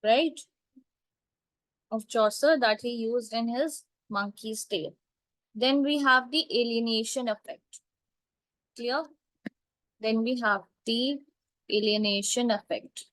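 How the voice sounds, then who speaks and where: Slow, repetitive woman lecturing. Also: fairly high pitch, fairly bright tone, no echo, poor audio. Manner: slow, repetitive, checks understanding with "right?" and "clear?". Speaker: literature teacher. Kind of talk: classroom lecture.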